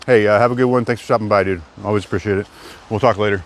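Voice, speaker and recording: On a wooded trail, a man livestreams a walking vlog, rambling and chatting with his viewers as he hikes. His fairly low voice holds a steady tone but races along. Faint outdoor noise and the occasional passing car can be heard behind him.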